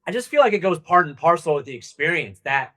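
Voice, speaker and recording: A man's voice: fairly high pitch, very animated, quick pace, fairly bright tone. A man hosting a podcast, asking brief, encouraging questions in a casual chat. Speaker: podcast host.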